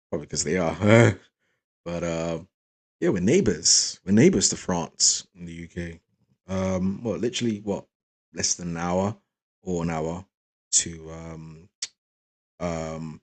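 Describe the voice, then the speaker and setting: Reaction host, slow and laid-back, deeper voice, slangy. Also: male voice. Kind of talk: casual reaction commentary.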